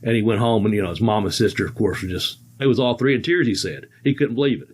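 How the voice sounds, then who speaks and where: A man's voice: fairly low pitch, quick pace, husky. A man in his sixties, a podcast host, telling stories in a rambling, folksy way with frequent chuckles. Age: 60s. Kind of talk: casual storytelling.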